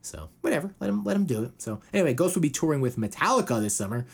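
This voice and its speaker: A husky-voiced man hosts a loose, casual podcast. His pitch swings widely as he rambles, full of fillers and little put-on voices. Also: big pitch swings, fast. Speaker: podcast host.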